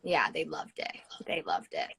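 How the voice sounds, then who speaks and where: A woman's voice: measured pace, fairly bright tone, poor audio. A young woman co-hosting a livestream in casual chat, rambling and giggly, often tripping over her own words. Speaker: co-host of a livestream.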